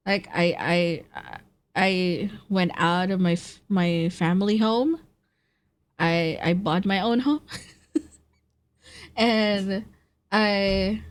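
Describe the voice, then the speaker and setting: Giggly woman streamer, slow-talking. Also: medium pitch. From Philippines. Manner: giggly, slangy, laughs often. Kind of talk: casual live-stream chat.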